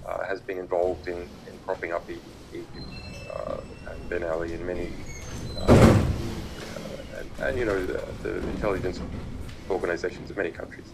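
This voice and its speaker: Speaker on a video call: a man with a low, gravelly voice, halting and full of ums and restarts. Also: flat delivery, background noise. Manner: halting, many uh and um fillers and restarts. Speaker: invited speaker on a video link. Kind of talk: remote public talk. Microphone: video call played through a laptop speaker.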